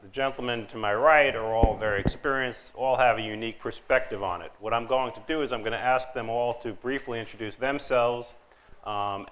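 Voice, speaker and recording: A man with a lowish voice moderates a business panel. He keeps it loose and conversational, with fillers and casual asides. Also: fairly bright tone, poor audio.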